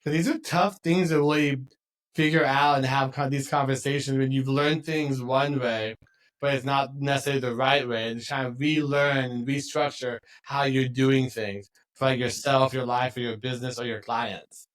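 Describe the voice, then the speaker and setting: A man hosting a podcast, talking in a relaxed, chatty way and laughing often. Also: mid-range voice, moderate pace. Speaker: podcast host. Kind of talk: casual conversation.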